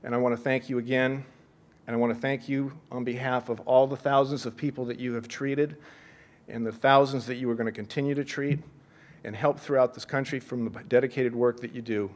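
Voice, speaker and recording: A middle-aged man from Seattle giving an earnest, reflective speech, telling a personal story with gentle humor. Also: medium pitch, steady tone, fairly quick. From Seattle, USA. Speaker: speaker at a leadership event.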